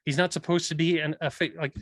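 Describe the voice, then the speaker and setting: A man's voice: a little high, flat delivery, quick pace, fairly bright tone, no room sound. A man hosting a casual podcast chat, giving opinionated views at length with frequent restarts. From Irish heritage. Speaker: podcast host.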